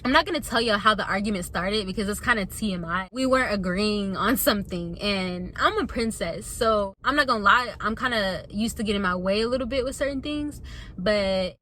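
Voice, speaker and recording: A young woman vlogger telling a casual storytime to her viewers, animated and chatty, calling them y'all. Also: medium pitch, brisk, faint music behind.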